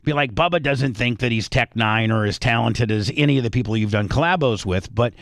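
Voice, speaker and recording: A man hosting a radio show in casual banter, halting and repeating himself, poking fun at himself, speaking into a studio microphone. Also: medium pitch, no echo. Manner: halting, repeats words, self-deprecating. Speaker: radio host.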